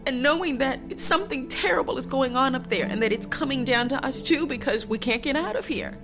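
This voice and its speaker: A woman giving interview testimony, recounting a hard memory in a halting, emotional way. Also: fairly high pitch, animated, over music.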